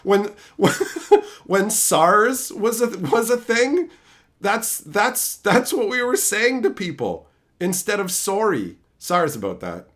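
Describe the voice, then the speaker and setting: A man's voice: sits high, slow. A man telling brash, profane stories in a casual stream chat. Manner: profane, brash, animated storytelling.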